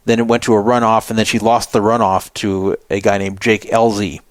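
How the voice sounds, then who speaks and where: A man's voice: on the low side, flat delivery, fairly quick, dry recording. A man hosting a radio show, giving rambling, conversational commentary on the news. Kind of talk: casual commentary.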